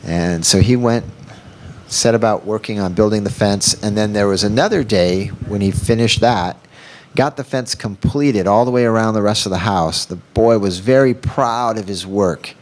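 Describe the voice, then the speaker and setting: A man's voice: on the low side, moderate pace. Man telling a story in a workshop. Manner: animated storyteller who acts out the dialogue. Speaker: workshop presenter. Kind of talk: storytelling in a training talk.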